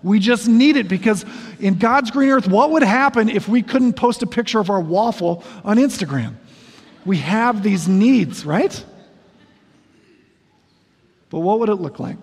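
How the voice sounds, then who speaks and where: A man's voice: sits high, lively intonation, a little slow, long pauses, slightly rough. A man in his forties preaching a sermon, speaking in a conversational, self-deprecating way with humorous asides. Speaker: pastor. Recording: long reverb of a large hall.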